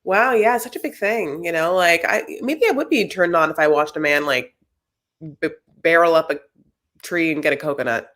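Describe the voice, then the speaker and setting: A woman's voice: fairly low pitch, normal speed, a bit bright. A woman co-hosting a casual reality TV recap show, chatty and gossipy, calling people honey. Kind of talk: casual chat.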